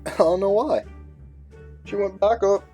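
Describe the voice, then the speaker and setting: A man's voice: sits high, slow pace, faint music behind. A young man narrating a storytime animation in a casual, slangy way, playfully acting out what others said. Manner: relaxed slangy delivery, playful quoting.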